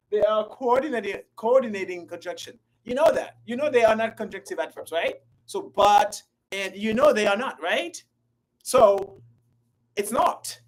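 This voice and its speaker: Slow, repetitive online English teacher. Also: mid-range voice, poor audio. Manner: repetitive, drawn-out, talks to viewers by name. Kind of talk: live online grammar lesson.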